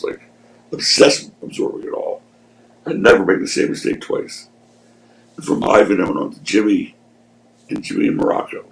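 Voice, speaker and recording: A man's voice: sits low, gravelly, poor audio. A man in his sixties from Philadelphia, a podcast guest telling stories in a laid-back way, laughing at his own tales and swearing freely. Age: 60s. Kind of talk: casual storytelling in a podcast interview.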